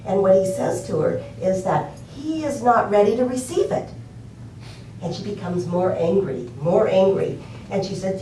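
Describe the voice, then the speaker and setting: A woman's voice: mid-range voice, lively intonation, normal speed, mellow, reverberant, far from the mic, a little hiss or hum, poor audio. An older woman telling an inspirational story in a conversational way, with fillers and emphatic repetition. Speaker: speaker.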